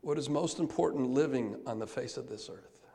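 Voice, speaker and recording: A man preaching a sermon, moving between soft, hushed lines and loud, emphatic calls. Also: medium pitch, moderate pace, gravelly. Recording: long hall reverb.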